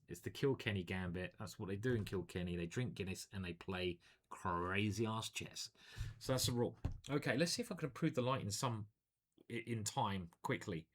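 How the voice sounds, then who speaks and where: Man, chess commentary, lowish voice, chatty, self-deprecating, thinks aloud, home desk mic. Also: normal speed. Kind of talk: live chess commentary while playing.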